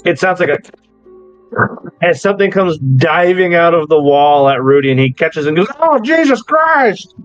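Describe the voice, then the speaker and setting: A man's voice: on the high side, moderate pace, no echo, lo-fi sound, soft background music. A man narrating a tabletop game as game master, dry and wry.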